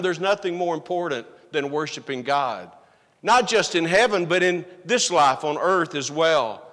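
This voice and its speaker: A man's voice: sits high, moderate pace, a bit bright. A man preaching a sermon as a pastor, earnest and emphatic, often asking the congregation rhetorical questions. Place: church sanctuary. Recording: long hall reverb.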